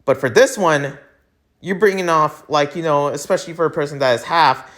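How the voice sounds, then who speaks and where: Speaking at a normal speed, a man from the United States fills his solo podcast with a heated, emphatic rant full of fillers and false starts. His pitch is fairly high and his tone a bit bright.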